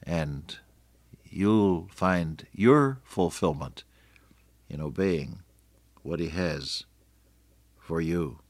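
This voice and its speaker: Male radio preacher, deep voice, earnest sermon delivery, repeats key lines. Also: very slow, pauses often, dry recording. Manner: earnest, repeats phrases for emphasis.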